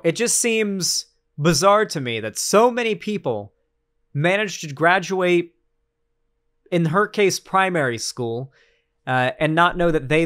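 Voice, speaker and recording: A man's voice: fairly high pitch, a bit bright. A man streaming casual political commentary, rambling and sarcastic, with lots of fillers and restarts.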